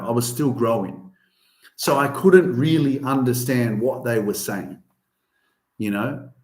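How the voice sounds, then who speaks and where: A man in his thirties, a motivational coach, talking casually with lots of swearing, going from quiet storytelling to loud emphatic bursts. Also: mid-range voice, reverberant. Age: 30s. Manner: profane, emphatic, swings between soft and loud. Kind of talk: casual monologue.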